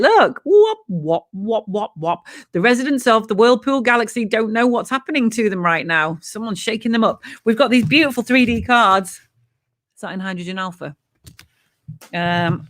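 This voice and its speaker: A British woman hosting a live stream, chatty and jokey, a bit hoarse from yodeling. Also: fairly high pitch, fairly bright tone. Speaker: host.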